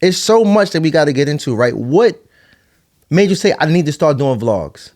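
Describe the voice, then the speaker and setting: A man's voice: a little high, very animated, moderate pace, a little mellow. A man interviewing casually, prompting questions and interjecting.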